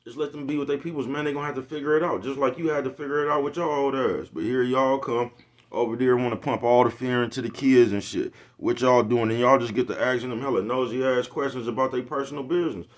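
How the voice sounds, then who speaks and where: Speaking quickly and steadily in a mid-range voice, this young man vlogs in a loose, rambling way. Heavy swearing and crude slang fill his talk, along with frequent laughter and the recurring question "you know what I'm talking about."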